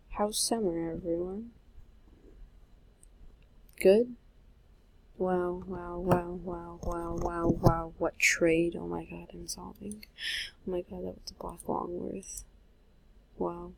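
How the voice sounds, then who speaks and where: Slow, breathy female gaming vlogger. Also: on the low side, darkish tone, rough recording. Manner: rambling and self-mocking, trailing off; talking while typing and playing. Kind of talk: casual gameplay commentary. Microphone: handheld microphone.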